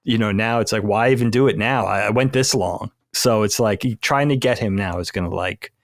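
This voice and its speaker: A man's voice: lowish voice, fairly quick, no room sound, studio quality. A young man co-hosting a podcast, easygoing and agreeable in casual chat. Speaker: podcast co-host.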